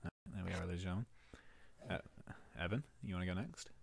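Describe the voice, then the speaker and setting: A man hosting a podcast, telling stories in an animated way and swearing freely. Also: low-pitched, fast, creaky, husky, no room sound. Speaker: podcast host. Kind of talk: casual podcast chat.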